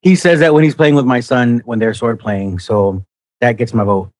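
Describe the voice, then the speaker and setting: A man on a podcast panel, telling relaxed stories in casual chat. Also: mid-range voice, moderate pace, dry recording.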